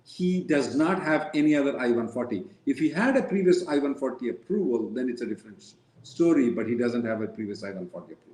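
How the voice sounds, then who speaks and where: A man's voice: mid-range voice, lively intonation, fast, few pauses, a little mellow, reverberant, poor audio. A man answering viewer questions as a regular on a live Q&A show, restating each question and thinking aloud with some hesitation.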